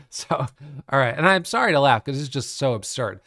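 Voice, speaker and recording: A middle-aged man explaining a trading topic in a casual, animated way, laughing often as he tells the story. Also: mid-range voice, normal speed. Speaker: day trading educator.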